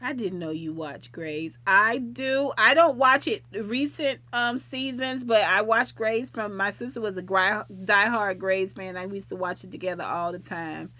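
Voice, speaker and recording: A woman's voice: mid-range voice, a little slow, hardly any pauses, bright, forceful tone, dry recording. A woman hosting a late-night livestream, chatting casually and affectionately with viewers and rambling from topic to topic. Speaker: livestream host.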